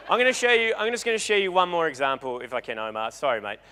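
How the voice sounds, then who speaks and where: Bright-voiced man, hall talk. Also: a little high, fast, a little hiss or hum. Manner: animated, joking, rambling with self-interruptions. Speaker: guest speaker at a live talk event. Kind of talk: comedic storytelling talk. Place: event hall with an audience. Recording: long reverb of a hall.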